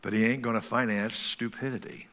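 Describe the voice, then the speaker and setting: A man's voice: mid-range voice, steady tone, a little fast, a bit bright. A man in his sixties preaching a sermon as pastor, folksy and full of stories.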